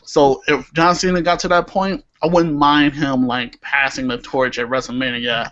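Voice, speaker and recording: A man's voice: mid-range voice, unhurried, a bit bright. A young man co-hosting a casual podcast, talking animatedly, laughing and swearing when annoyed. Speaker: podcast co-host. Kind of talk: casual chat. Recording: muffled lo-fi audio.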